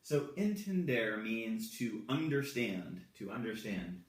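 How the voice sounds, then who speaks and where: A male Spanish teacher walking through verb forms at a whiteboard, slowly and patiently repeating each one. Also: fairly low pitch, sing-song. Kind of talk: whiteboard grammar lesson. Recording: echoey room, mic far off.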